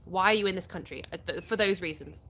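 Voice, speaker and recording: A woman's voice: on the low side, fast talker, a bit bright. A woman, hosting a live stream outdoors, reading viewers' comments aloud and answering them chattily. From England. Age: 30s. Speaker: livestream host.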